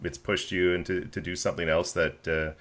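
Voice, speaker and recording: A man hosting a podcast interview, asking questions hesitantly and quietly with many fillers. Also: sits low, flat delivery, fairly quick. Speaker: podcast host. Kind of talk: casual interview.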